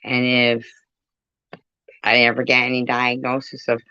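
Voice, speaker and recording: A woman's voice: a bass voice, flat delivery, takes it slowly, pauses often, bright, forceful tone, no room sound, highs cut off. A woman ranting profanely and confrontationally on a phone livestream, rambling and chatting with her viewers. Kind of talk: livestream rant.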